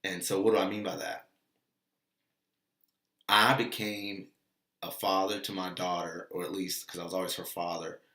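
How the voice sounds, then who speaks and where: Gravelly-voiced man giving earnest pep talk. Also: sits low, level tone, normal speed, long pauses, sharp tone, reverberant. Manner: earnest, repeats phrases, acts out dialogue. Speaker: motivational vlogger and dog trainer. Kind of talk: casual motivational monologue.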